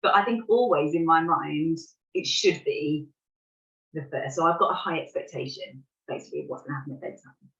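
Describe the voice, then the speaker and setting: A woman's voice: deep voice, fairly quick, fairly bright tone. A woman, candidly talking through a parenting moment and laughing at herself along the way. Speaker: parent sharing an example. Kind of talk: reflective conversational talk. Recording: roomy, distant, dull sound.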